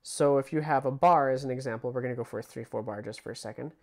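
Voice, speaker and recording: A man teaching a casual online music theory lesson, relaxed and chatty, singing rhythms aloud as he explains them. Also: mid-range voice, fast talker.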